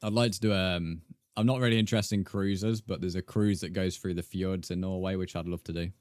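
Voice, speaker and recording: A man's voice: sits low, steady tone, fairly quick, a little mellow, no room sound, clean studio sound. A young man streaming a game, chatting casually and reading viewer comments aloud. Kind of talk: casual live-stream chat.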